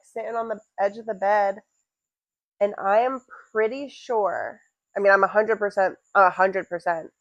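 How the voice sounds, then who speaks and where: A young woman co-hosting a podcast, telling stories with animated energy and frequent swearing. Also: medium pitch, dry recording, highs cut off. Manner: animated storytelling, often swearing and laughing. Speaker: podcast co-host, fighter's wife. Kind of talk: casual chat.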